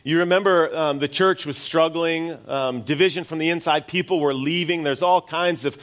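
A man's voice: fairly high pitch, normal speed, hardly any pauses, fairly bright tone. A middle-aged man preaching a sermon as pastor, in a conversational way with self-deprecating asides.

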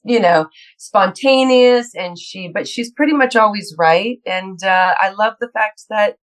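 A woman's voice: medium pitch, unhurried, poor audio. Woman in her fifties, bubbly, laughing often, chatty guest, mid-range voice. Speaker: guest actress. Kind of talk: casual interview chat.

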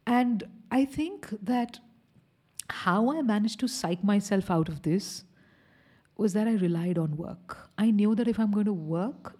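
A woman in her thirties from India, a podcast guest telling candid stories in an animated, exclamatory way. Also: mid-range voice. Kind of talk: candid storytelling chat.

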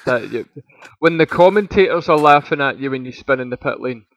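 Male co-host, animated and chatty; dull, dry lo-fi recording. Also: medium pitch, a little fast, no room sound. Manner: animated, chatty, lots of restarts. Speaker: podcast co-host. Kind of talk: casual chat.

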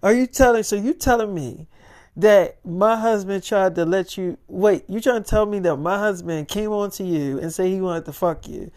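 A man's voice: sits high, normal speed, a little mellow. A man voicing an angry young wife who fires off demanding, profane questions. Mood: shocked.

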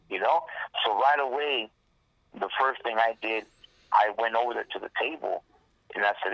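A man's voice: on the low side, moderate pace, creaky, no echo, dull audio. A man, a rapper guest, telling a rambling, profane story in casual talk and acting out the lines people said. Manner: profane, rambling, acts out quoted dialogue.

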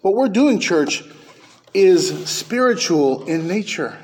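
High-voiced man preaching emphatically. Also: lively intonation, takes it slowly, darkish tone. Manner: emphatic preaching, rising and falling in pitch and volume. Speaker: pastor. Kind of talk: sermon.

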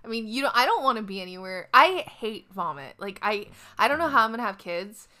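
A woman chatting on a podcast, expressive and emphatic, often laughing. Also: mid-range voice, brisk. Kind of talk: casual chat.

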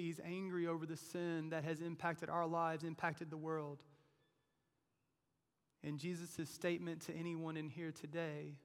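Preaching man in an echoing hall. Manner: emphatic preaching, voice rising to near shouts and dropping low. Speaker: pastor. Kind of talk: sermon. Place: church sanctuary. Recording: long reverb of a large hall.

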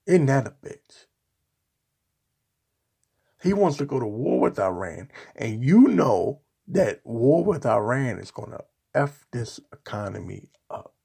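A man's voice: medium pitch, very animated, takes it slowly, vocal fry, mellow, husky. A man delivering a sarcastic, mocking opinion rant on a vlog, hammering his points with repetition and insults. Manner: repetitive, emphatic rhetoric. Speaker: political commentator.

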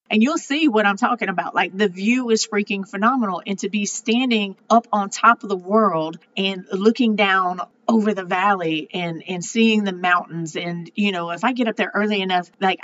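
A woman's voice: medium pitch, a bit bright, muffled recording, a little hiss or hum. A middle-aged woman hosting her own podcast, talking candidly and emotionally in a casual monologue, swearing freely. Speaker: podcast host.

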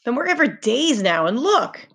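A woman's voice: a little high, big pitch swings, normal speed, creaky, a bit bright, husky, pitched above the performer's own voice, exaggerated voice. Casting note: exasperated boy chief, emphatic, read by a woman. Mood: frustrated. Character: earnest boy leader, frustrated.

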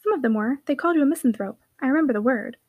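Plain, earnest little girl, quick talker, played by a woman. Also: high-pitched, expressive, phone-quality sound.

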